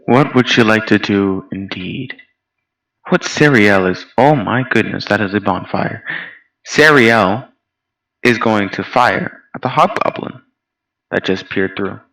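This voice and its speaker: A man playing a tabletop game, chatting excitedly as he rolls for his character. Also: fairly low pitch, a little slow, rough recording. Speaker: player. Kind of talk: casual tabletop game chat.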